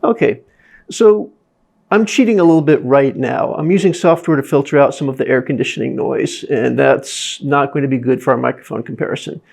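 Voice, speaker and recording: A man's voice: mid-range voice, fairly quick, creaky, a little mellow. A man who teaches video production, giving a plain, methodical demonstration in a classroom and asking the viewer questions. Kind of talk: instructional demonstration. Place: indoor classroom with air conditioning. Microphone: lavalier, shotgun and camera mics at varying distance. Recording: faint room noise, mic changing distance. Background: air conditioning hum and light cooling fan.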